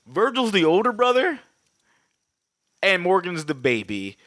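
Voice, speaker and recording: A man co-hosting a podcast, recapping a film in casual, profane talk and acting out the scenes in quick voices. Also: high-pitched, huge pitch swings, a bit bright, dry recording. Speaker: podcast co-host. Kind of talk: casual movie recap chat.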